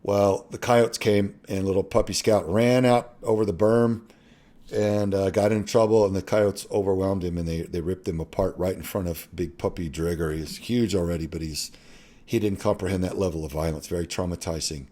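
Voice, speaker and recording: A middle-aged man telling a personal story in a halting, earnest way that often trails off softly. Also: deep voice, fairly even intonation.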